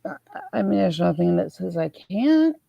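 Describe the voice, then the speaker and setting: A woman hosting a casual live stream, hoarse from swelling in her neck, who chats in a self-mocking way and reads viewer comments aloud. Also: fairly low pitch, big pitch swings, moderate pace, no room sound, dull audio. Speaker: livestream host.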